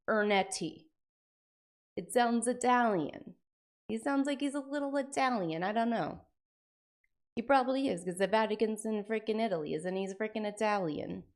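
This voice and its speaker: A woman's voice: mid-range voice, darkish tone. A woman streamer chatting casually with her viewers, rambling and sprinkling in lots of "like" and "frickin'". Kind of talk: casual live-stream chat.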